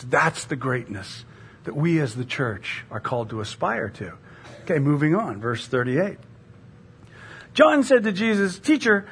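A middle-aged woman delivers a sermon in a chatty, animated way, asking the congregation question after question. Her voice is a little husky, and her pitch rises and falls widely as she talks. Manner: animated, conversational preaching with rhetorical questions and laughs. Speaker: pastor.

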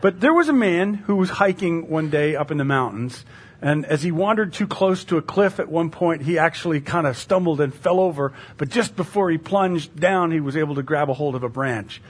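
A male pastor preaches in a relaxed, conversational way, stopping often for "uh" and "you know." His voice is husky and a bit high for a man. He speaks like he is telling a story to friends. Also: moderate pace. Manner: casual, filler-heavy, storytelling. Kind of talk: conversational sermon.

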